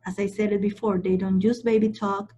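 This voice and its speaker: A woman's voice: mid-range voice, level tone, a little fast, warm tone, slightly rough. A woman trainer giving a training lecture, stressing her points and checking in with the audience as she goes. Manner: emphatic, repeats points and checks in with "okay?".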